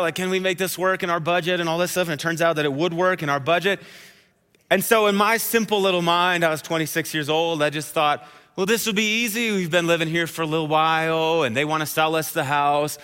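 A man in his thirties preaching a sermon to a live congregation, telling a personal story in a conversational, animated way. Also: a little high, smooth. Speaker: pastor. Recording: hall reverb.

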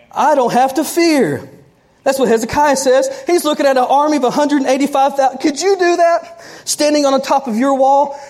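Animated woman preaching a sermon. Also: high voice. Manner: animated storytelling, quick asides and laughs.

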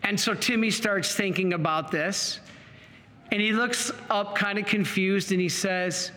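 A priest giving a homily to children, telling a story with animated voices and questions to his listeners, in a church. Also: sits high, moderate pace, a little hiss or hum. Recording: echoey church hall.

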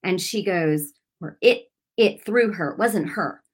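A woman minister tells a story for a broadcast sermon, animated and emphatic, breaking into laughter now and then. Her voice sits a little low for a woman. She talks straight to her listeners with conviction. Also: a little slow, husky. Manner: animated and emphatic, laughs often while telling.

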